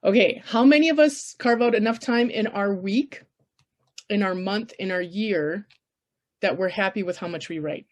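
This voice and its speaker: A woman's voice: mid-range voice, moderate pace. Emphatic woman leading a workshop. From Canada. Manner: emphatic, encouraging, blunt. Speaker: workshop presenter. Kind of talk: casual workshop talk.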